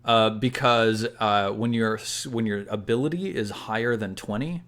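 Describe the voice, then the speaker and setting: A man's voice: fairly low pitch, normal speed, fairly bright tone. A young man acting as game master, narrating a tabletop game casually and explaining the rules step by step.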